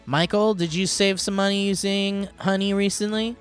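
A man's voice: high-pitched, fairly quick, hardly any pauses, faint music behind. A young man hosting a podcast, reading sponsor ads in a jokey, rambling way. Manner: jokey, playful, rambling ad reads. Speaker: podcast host. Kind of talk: goofy ad reads on a podcast.

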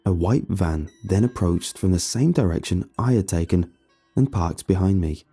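Gravelly low-voiced male story narrator. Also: animated, mellow, faint music behind. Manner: measured, storytelling delivery. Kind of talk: scripted first-person horror narration.

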